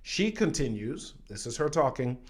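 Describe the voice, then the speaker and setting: A man's voice: mid-range voice, very animated, normal speed. A man teaching an online acting lesson. He talks emphatically and straight to the viewer, breaking off now and then to read aloud from an article. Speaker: acting coach.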